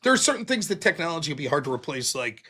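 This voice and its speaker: A man's voice: fairly high pitch, very fast, husky. Fired-up swearing man in a debate. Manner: profane, rambling, animated, acts out quotes. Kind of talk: heated debate talk.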